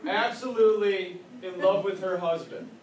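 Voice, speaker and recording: A man retelling a legend aloud in a casual, animated, joking way. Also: high voice, normal speed. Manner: animated, playful, joking asides. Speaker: storyteller. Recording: echoey room from a distance, faint noise.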